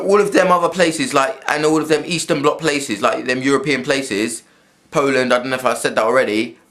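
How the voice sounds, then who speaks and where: A man delivers a heated, profanity-laced rant to the camera from his room at home. He circles back and repeats points as he talks, in a voice of ordinary middle pitch. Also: a bit bright. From England. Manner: heated, swearing, repeats himself. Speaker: vlogger.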